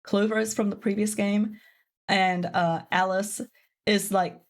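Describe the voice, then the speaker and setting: A woman's voice: medium pitch, fairly even intonation, unhurried. A young woman streaming a game, chatting casually with viewers in a rambling, giggly way full of fillers. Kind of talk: casual live-stream chat.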